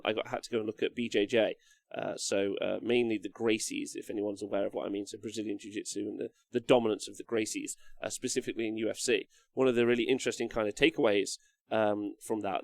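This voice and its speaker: A man's voice: lowish voice, gravelly, dry recording. A man hosting a live stream, rambling casually through viewer comments and swearing now and then. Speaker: live-stream host reading chat.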